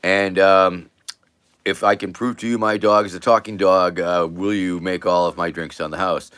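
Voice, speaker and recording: A man's voice: deep voice, little pitch movement, moderate pace, fairly bright tone, clear, resonant tone, no room sound. A man doing an eager dog owner in a joke. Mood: pleading.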